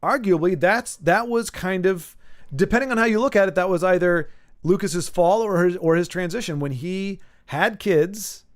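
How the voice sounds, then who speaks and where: A man's voice: sits high, moderate pace. Rambling man in his forties, chatting. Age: 40s. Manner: rambling, animated, frequent restarts. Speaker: streamer. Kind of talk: casual stream chat.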